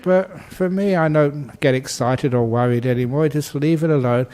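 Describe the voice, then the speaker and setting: A man giving a Buddhist dharma talk, telling stories in a gentle, humorous way and laughing often. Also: fairly high pitch, normal speed. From Australia. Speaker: Buddhist monk teacher.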